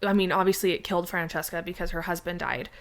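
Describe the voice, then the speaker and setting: A woman's voice: lowish voice, steady tone, fast. Chatty woman gushing with many restarts. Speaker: podcast co-host. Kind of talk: casual chat.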